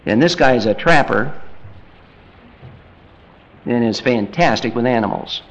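A man preaching a sermon in an animated way, acting out family scenes and swinging from loud bursts to quiet, low asides. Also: unhurried, highs cut off. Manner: animated, acts out family scenes in quoted voices.

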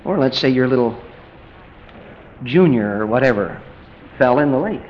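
A man preaching a sermon, animated and rising to emphatic peaks as he drives his points home. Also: mid-range voice, normal speed, muffled recording, slight background noise.

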